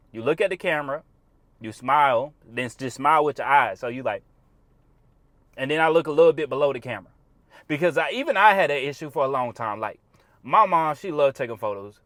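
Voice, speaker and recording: A man's voice: fairly high pitch, a bit bright, no echo. A man in his twenties giving blunt, slangy, profane dating advice while critiquing a profile.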